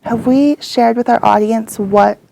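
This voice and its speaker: A woman co-hosting a livestream, talking in a relaxed way with frequent fillers. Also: fairly high pitch, measured pace, creaky, slight background noise. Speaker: co-host. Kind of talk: livestream talk.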